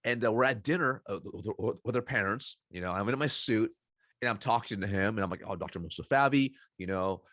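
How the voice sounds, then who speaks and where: A man, a sales coach, who is a guest in an interview and tells a story in an animated way, acting out the dialogue and often restarting his sentences. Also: lowish voice, a little fast, no echo, clean studio sound. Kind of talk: anecdotal storytelling.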